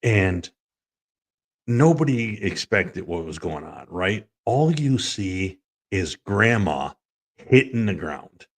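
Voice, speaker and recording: A man's voice: sits low, big pitch swings, slow pace. A man co-hosting a sports talk show, telling rambling stories and laughing through them. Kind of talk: casual storytelling chat.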